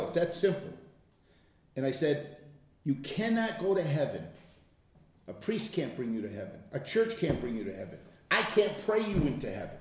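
A man's voice: on the high side, sing-song, normal speed. An older man leading an informal Bible study, telling stories in a conversational way and laughing often. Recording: very echoey room.

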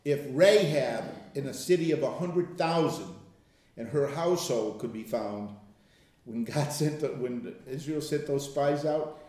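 A man's voice: mid-range voice, unhurried, a little mellow. An older man leading an informal Bible study, telling stories in a conversational way and laughing often. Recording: very echoey room.

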